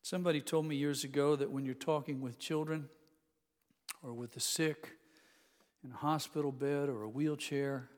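Sixties pastor preaching in a reverberant hall. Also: male voice, mid-range voice, steady tone, moderate pace. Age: 60s. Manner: swings from loud emphatic declarations to hushed intimate storytelling. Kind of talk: sermon.

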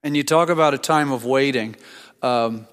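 Older man, pastor, sermon, conversational, repeated restarts, medium pitch, long hall reverb. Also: moderate pace, a bit bright.

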